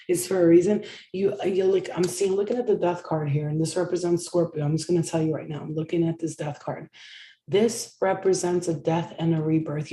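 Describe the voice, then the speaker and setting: A woman's voice: fairly low pitch, dark tone, reverberant. A woman giving a casual live-stream tarot reading, blunt and profane, often chanting phrases over and over. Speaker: tarot reader.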